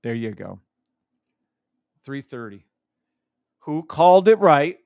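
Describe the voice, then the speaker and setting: Smooth-voiced, hyped male trading streamer. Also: fairly high pitch, sing-song, takes it slowly, a little mellow, no echo, studio quality. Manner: hyped, teasing, hums and chats with viewers. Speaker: trading live-stream host. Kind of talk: casual live-stream chart talk.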